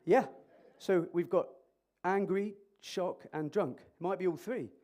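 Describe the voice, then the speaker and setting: His voice is high but his pace is measured as he speaks as an emergency clinician at a conference. Using a microphone in the hall, he gives an animated, jokey interactive talk and quizzes the audience.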